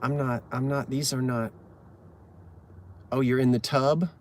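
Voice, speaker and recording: A man chats from his parked car, reading groaners and stumbling over words while ribbing himself. His medium-pitched voice stays fairly flat and measured, and there's a little hiss or hum.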